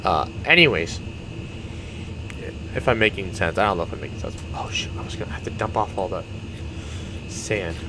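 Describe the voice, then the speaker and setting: A man's voice: low-pitched, normal speed, pauses often, noisy background. Rambling man narrating over gameplay. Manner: rambling, meandering storytelling. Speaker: gaming YouTuber. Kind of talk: casual commentary while playing a game.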